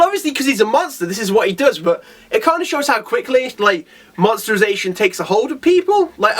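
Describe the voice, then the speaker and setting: A man reviewing a manga chapter in casual talk, rambling and enthusiastic, often dropping his voice to act out characters' lines. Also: fairly bright tone. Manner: enthusiastic, rambling with fillers and restarts; acts out characters' lines in a lowered voice.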